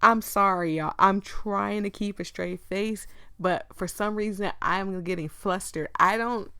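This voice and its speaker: A woman's voice: medium pitch, unhurried, pushed and bright, clean tone, no echo, clean studio sound. Giggly young woman reading a game aloud. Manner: giggly, often breaking into laughter. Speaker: gaming video creator. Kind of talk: reading a visual novel aloud with commentary.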